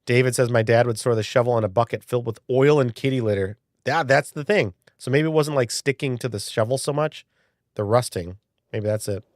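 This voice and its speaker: A man's voice: mid-range voice, brisk, dry recording. A man in his early forties hosting a live stream, chatting casually and rambling, reading viewers' messages and swearing now and then. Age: early 40s. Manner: rambling, chatty, swears, reads chat aloud.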